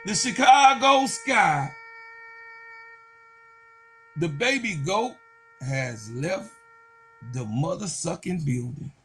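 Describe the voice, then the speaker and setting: A man's voice: high-pitched, sing-song, slow, pauses often, fairly bright tone, soft background music. A man hosting a basketball channel, giving casual, hyped commentary full of slang and repeated phrases. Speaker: sports channel host.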